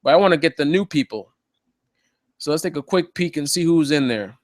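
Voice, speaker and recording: A man's voice: a little high, animated, fairly quick, dry recording, clean studio sound. A man hosting a live motorcycle channel update, talking casually in a joking, rambling way with lots of fillers.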